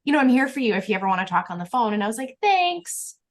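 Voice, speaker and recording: A woman hosting a podcast who tells stories in a quick, chatty, animated way. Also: medium pitch. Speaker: podcast host. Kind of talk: casual interview chat.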